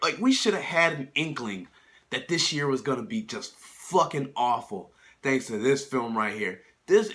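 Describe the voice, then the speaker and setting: A man's voice: mid-range voice, bright, forceful tone. A young man reviewing films in a casual, profane, exasperated rant. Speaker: film reviewer.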